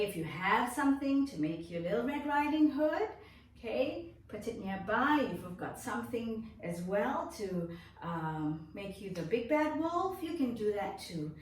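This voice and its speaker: Animated woman teacher telling a story. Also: mid-range voice, roomy sound, distant mic, slight background noise. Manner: slow, expressive and animated. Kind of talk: storytelling to young children.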